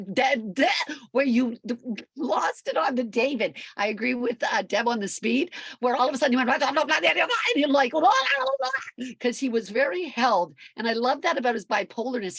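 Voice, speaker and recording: A woman judging a voice-acting competition, blunt, animated and swearing freely. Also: on the high side, no room sound. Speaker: competition judge. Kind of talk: casual spoken feedback.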